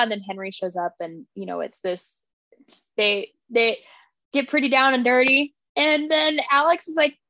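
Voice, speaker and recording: A woman co-hosting a podcast in a casual book chat, retelling scenes with lively acted-out lines. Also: a little high, moderate pace, no echo, muffled recording. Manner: animated, acts out characters' lines while retelling. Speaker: podcast co-host.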